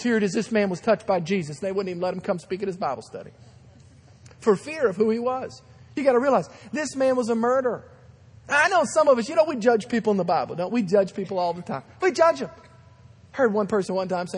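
As a guest pastor in a big church sanctuary, a man in his thirties delivers a sermon with dramatic stories and acted-out voices. His voice is extremely high, fast, and slightly rough, echoing with a long hall reverb.

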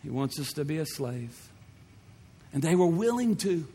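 A man's voice: fairly high pitch, big pitch swings, moderate pace, pauses often, warm tone, breathy edge. A male pastor preaching a sermon with fervent, repetitive phrasing and rhetorical questions. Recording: long reverb of a large hall.

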